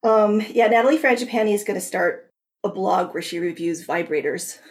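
A woman hosting a podcast in casual chat, talking in quick bursts and laughing often mid-sentence. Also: medium pitch. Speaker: podcast host and author.

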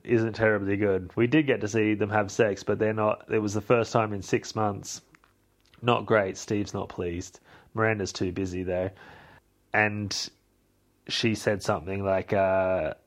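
A young man, hosting a podcast and recapping a film in a rambling, self-mocking way. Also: lowish voice. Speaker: podcast host. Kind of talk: casual chat recapping a film.

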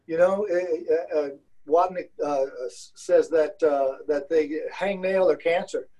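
An older man with a mellow, slightly raised voice shares his experience with a discussion group. He talks haltingly, restarting sentences and reaching for homespun phrases. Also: fairly high pitch, fairly even intonation, rough recording. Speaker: class participant. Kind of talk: personal sharing in a group.

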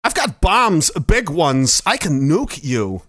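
Man doing an impression, unsettling movie-star voice, slow, halting, low and quiet, dry close sound. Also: sing-song, no room sound, exaggerated voice. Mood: eerie menace. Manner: slow, oddly paused, quietly threatening. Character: eerie, halting male movie star, calmly menacing.

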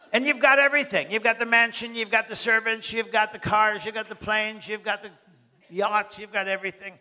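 A man preaching a sermon, acting out short scenes in different voices. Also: high voice. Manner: animated, acts out little scenes with voices. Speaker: pastor.

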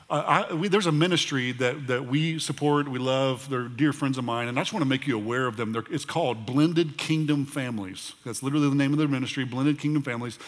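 Speaking in a mid-range, fairly bright voice, a middle-aged pastor makes church announcements in a casual, conversational way. Fillers and restarts come often, and the large auditorium adds a long hall reverb.

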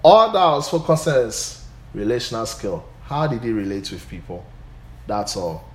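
A pastor teaching a Bible study, often stopping to say "Amen". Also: male voice, fairly low pitch, big pitch swings, moderate pace, reverberant. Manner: punctuates points with "Amen".

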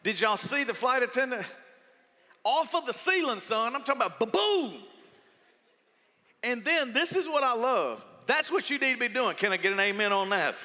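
A middle-aged man preaching a sermon as pastor, telling stories with lively energy and shouting at the peaks. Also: high-pitched, in a large hall. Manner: animated storytelling, shouting at peaks.

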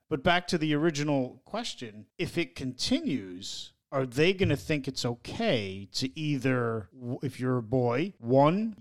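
A man co-hosting a parenting podcast in casual chat, animated and quick to swear, often stammering through restarts. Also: medium pitch. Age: adult parent. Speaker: podcast co-host.

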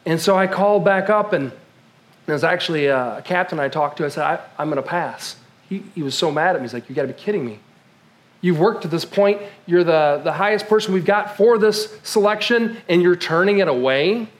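A man's voice: sits high, a little fast. A male pastor giving a conversational, personal sermon, often stammering and restarting his sentences.

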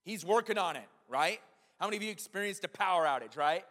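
A male pastor preaches conversationally, often checking in with the congregation by asking "right?" His voice sits high and is a bit bright, with lively intonation and a fast pace, and the recording carries a long hall reverb.

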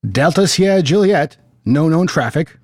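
A man reading an air traffic controller's lines from a transcript, brisk and procedural. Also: fairly high pitch, animated, no echo, clean studio sound.

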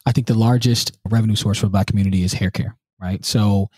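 On a podcast interview, a male guest talks fast in a lowish, husky voice, captured in clean studio sound with no echo. He comes across as earnest and animated, sprinkling in plenty of rhetorical "right?".

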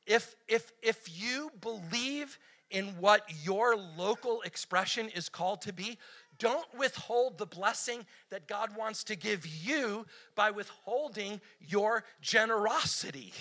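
A middle-aged man preaching a sermon as a guest speaker, energetic and animated, acting out quotes with sudden jumps in pitch. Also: slow pace.

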